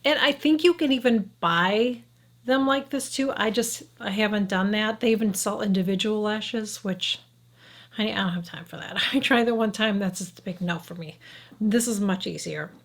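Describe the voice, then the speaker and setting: A woman's voice: mid-range voice, moderate pace. A woman in her fifties talking casually through a makeup tutorial, frank and chatty, checking in with the viewer with a constant "okay?" as she works at her mirror. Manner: talks while applying makeup, sometimes drops to a whisper. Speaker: beauty vlogger.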